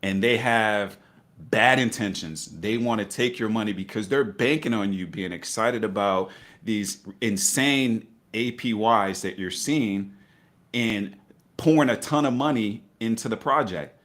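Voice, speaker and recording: A man talking about investing as a podcast guest, emphatic and animated, repeating his key points. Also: lowish voice, a little slow. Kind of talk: casual podcast conversation.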